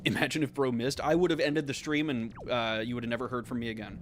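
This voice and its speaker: A young man streaming a game, talking casually with sarcastic, excitable reactions. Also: medium pitch, fast, a little hiss or hum. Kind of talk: casual live-stream commentary.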